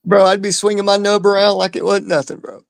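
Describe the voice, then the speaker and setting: High gravelly man, rowdy chat. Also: level tone, fast, dry recording, studio quality. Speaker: guest. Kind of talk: casual chat.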